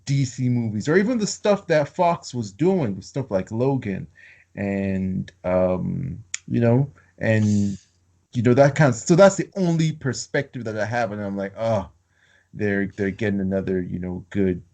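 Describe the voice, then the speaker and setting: A man co-hosting a podcast, rambling in casual film chat with many fillers and halting restarts. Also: mid-range voice, lively intonation, vocal fry, a little mellow. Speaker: podcast co-host.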